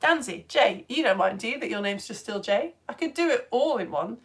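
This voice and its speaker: A middle-aged woman from the UK with a cough and cold, chatting casually as she hosts a live children's science show and reads out viewer comments, giggly and at times dropping to soft asides. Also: a little high, lively intonation, a little fast. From United Kingdom. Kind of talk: casual live-stream chat reading comments. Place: at home on the sofa.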